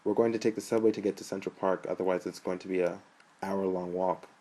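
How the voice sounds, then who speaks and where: A man's voice: deep voice, steady tone, quick pace, warm tone. A man reading an eager joking college guy. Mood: casual. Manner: casual, joking. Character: young male college student, eager and joking. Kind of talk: audiobook narration.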